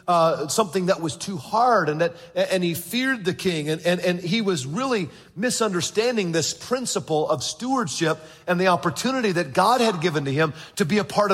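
A husky male pastor preaching in a church sanctuary, reading scripture and briefly acting out the people in his stories. His voice sits somewhat high, and it rings with the long reverb of a large hall. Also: animated, normal speed, fairly bright tone. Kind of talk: sermon.

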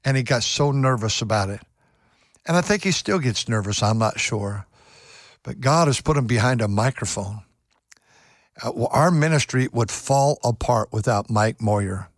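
A man's voice: mid-range voice, expressive, normal speed, no room sound, clean studio sound. An older man, a pastor giving an earnest radio devotional sermon, often restarting and repeating his words. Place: church pulpit.

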